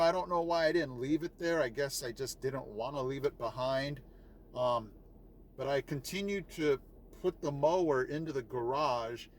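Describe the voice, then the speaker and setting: A man's voice: mid-range voice, slight background noise. A man vlogging, telling a personal story in a casual, rambling way with many fillers and restarts.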